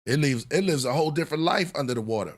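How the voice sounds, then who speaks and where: A man's voice: on the high side, animated, racing. A man hosting a live podcast with a New York accent, talking in a loose, reflective way with many fillers. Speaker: podcast host. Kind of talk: casual live podcast talk.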